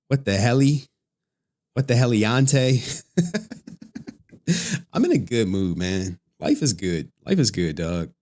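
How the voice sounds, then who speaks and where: A man hosting a livestream, chatting casually with plenty of profanity and frequent laughter. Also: mid-range voice. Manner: joking, profane, laughs often. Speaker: livestream host.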